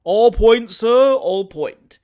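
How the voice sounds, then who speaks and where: A reader voicing a grave, pompous gentleman who speaks formally and effusively in an audiobook. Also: medium pitch, lively intonation, slow pace, pitched above the performer's own voice. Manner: formal, effusive, repeats sir. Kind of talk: audiobook character reading.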